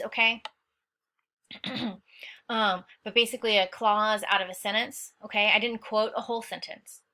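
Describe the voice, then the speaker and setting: A woman teacher with a fairly high, sharp-toned voice walks through an essay she wrote, explaining its quotes and analysis. She keeps checking in with "okay?" and turns stern when it comes to lazy writing.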